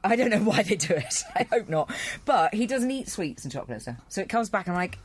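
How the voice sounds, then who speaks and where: A woman's voice: medium pitch, big pitch swings, fast, slightly rough. A middle-aged woman, an actress guesting on a podcast, chatting and laughing often. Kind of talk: casual chat.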